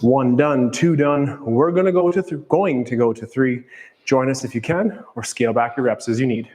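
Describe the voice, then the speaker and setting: A man fitness instructor explaining kettlebell moves calmly during a follow-along workout. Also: medium pitch, normal speed, in a large hall. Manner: calm, explanatory coaching cues.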